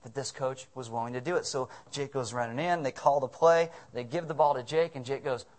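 A male pastor preaching in a church sanctuary. He tells stories with animated energy and chuckling asides, then drops to quiet, earnest moments. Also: mid-range voice, a little fast. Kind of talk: sermon.

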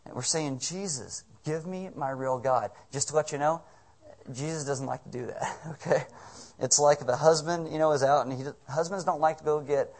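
A man's voice: medium pitch, darkish tone. A man preaching a sermon as pastor, conversational and joking, firing off rhetorical questions.

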